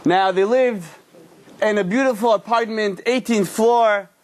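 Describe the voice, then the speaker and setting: A man, a rabbi, giving a Torah class and telling a story, acting out the characters with lively energy. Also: sits high, a little slow.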